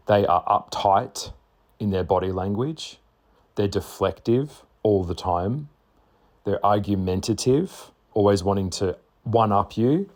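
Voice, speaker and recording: A man talking bluntly to camera in a casual monologue, swearing freely and stressing his points with slow, repeated words. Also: lowish voice, darkish tone. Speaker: spiritual vlogger.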